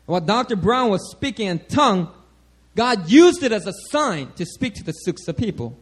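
High-voiced man preaching a lively sermon. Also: moderate pace, slightly rough. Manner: animated, checks in with "all right?" often. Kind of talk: sermon teaching.

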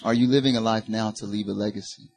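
A man's voice: on the low side, fairly even intonation, fast talker, vocal fry. A man preaching a sermon, building to emphatic peaks and turning to the congregation with casual asides. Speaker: pastor.

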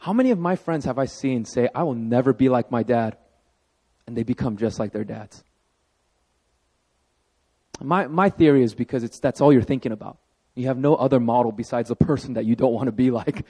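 A man in his thirties preaching a sermon as pastor, telling a personal story with animated emphasis. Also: mid-range voice, fairly quick, slightly rough.

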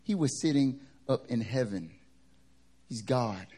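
A male pastor from the American South, preaching a sermon through funny personal stories, animated and joking. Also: mid-range voice, unhurried, husky. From Southern United States. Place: church service.

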